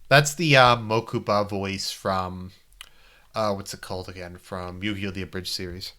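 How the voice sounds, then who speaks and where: A man's voice: deep voice, moderate pace, sharp tone. A man streaming a game, trailing off into rambling, self-mocking asides about what voices to do. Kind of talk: casual gaming commentary.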